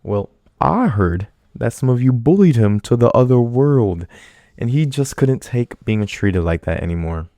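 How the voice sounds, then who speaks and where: A man's voice: medium pitch, animated, measured pace, warm tone, no echo, studio quality. A man voicing a stern male teacher who lectures his class in a cold, condescending, threatening way.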